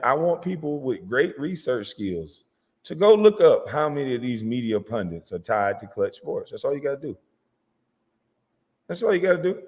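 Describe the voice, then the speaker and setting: A man delivering a profane, mocking comedic rant as a vlogger, sometimes breaking into shouts. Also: mid-range voice, big-room sound. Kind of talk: comedic rant reacting to sports media.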